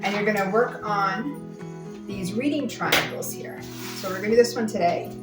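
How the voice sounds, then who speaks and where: A woman's voice: medium pitch, normal speed, over loud music. A woman in her thirties, a homeschooling mother, patiently teaching her kids at home and chatting to the camera in between. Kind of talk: casual teaching and vlog commentary. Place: family home.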